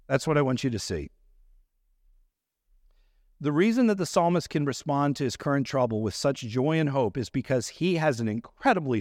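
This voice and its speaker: A man's voice: a little high, no room sound, studio quality. A man pastor preaching a sermon, explaining scripture in an earnest, teaching manner.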